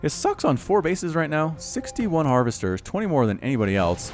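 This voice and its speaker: A man in his thirties commentating a strategy video game match, casual and chatty, getting louder and higher at big plays. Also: a little fast. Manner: excitable, rises sharply in pitch and volume at big plays. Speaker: game caster. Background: faint background music.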